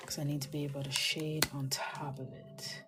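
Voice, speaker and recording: A woman's voice: low voice, level tone, normal speed. A woman chatting casually while she colors, playful and talking to herself, often dropping to a whisper. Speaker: coloring creator. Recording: clear music underneath. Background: music.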